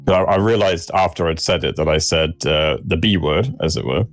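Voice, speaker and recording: English guy from the southeast, really low voice, chatty, quick bursts, faint music behind. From Southeast England. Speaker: player. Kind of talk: casual chat between game sessions.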